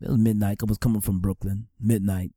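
A middle-aged man gives earnest personal testimony, circling back over his words for emphasis. His voice is warm and mellow. It sits dry and close, with no room around it. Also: lowish voice, little pitch movement, fast, slightly rough, no room sound. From New York, Staten Island. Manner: earnest, repeats phrases for emphasis. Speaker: speaker giving testimony.

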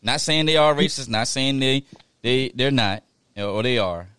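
A man's voice: medium pitch, unhurried, a bit bright, clean tone, no room sound. A man co-hosting a casual talk show, thinking aloud with repeated words. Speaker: podcast co-host. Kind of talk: casual chat.

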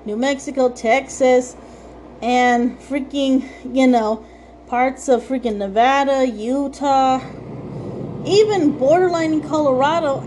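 A woman's voice: high-pitched, background noise. A woman from the American Southwest, hosting a casual monologue podcast, ranting heatedly and swearing freely. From Southwestern United States. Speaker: podcast host. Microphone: home voice recording.

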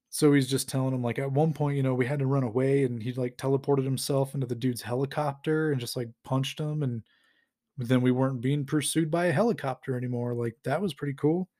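A man's voice: mid-range voice, fairly even intonation, brisk, mellow. Laid-back man rambling with chuckles. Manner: rambling and amused, chuckles often, heavy use of fillers. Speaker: podcast host recapping a comic. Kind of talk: casual chat.

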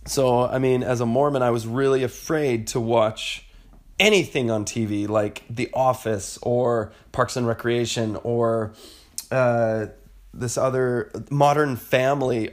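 A young man in a casual monologue, animated and rambling, with a lot of filler words. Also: medium pitch, measured pace. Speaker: vlogger.

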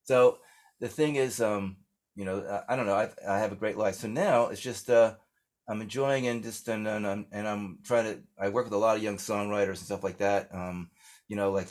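An older American man, a singer-songwriter, chatting casually in an interview and telling rambling stories with lots of restarts. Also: lowish voice. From United States. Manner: rambling storyteller, many restarts and fillers.

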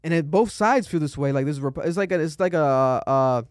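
A man hosts a podcast, riffing casually on the news with plenty of swearing. He gets animated and jumps way up in pitch whenever he mimics someone. The sound is close and dry, with little room around it. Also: a little fast, no room sound. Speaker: podcast host.

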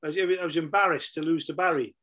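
A man's voice: a little high, quick pace, bright, forceful tone. A middle-aged man, telling blunt football stories as a podcast guest and repeating his phrases. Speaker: guest, former football manager. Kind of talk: casual podcast chat, storytelling.

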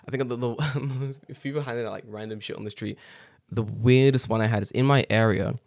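A man from England chatting casually, telling animated stories full of swearing. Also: medium pitch, fairly quick, no room sound. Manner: swearing, animated storytelling with laughs. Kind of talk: casual chat. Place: living in Japan.

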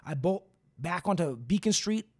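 A young man hosting a podcast, telling a story off the cuff in a loose, profane, animated way. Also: high-pitched, normal speed, husky. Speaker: podcast host. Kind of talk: casual storytelling.

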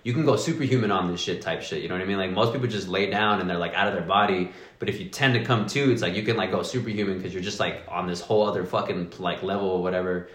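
A man's voice: low voice, quick pace, few pauses, fairly bright tone. A man telling stories in a casual podcast chat, full of slang, swearing and "like" fillers. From Mexican roots. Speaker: podcast guest. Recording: echoey room.

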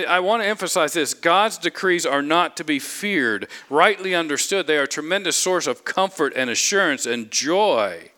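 Pastor, male, bright forceful tone, emphatic delivery, rhetorical questions. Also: a little high. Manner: emphatic, repeats phrases, asks rhetorical questions. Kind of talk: sermon.

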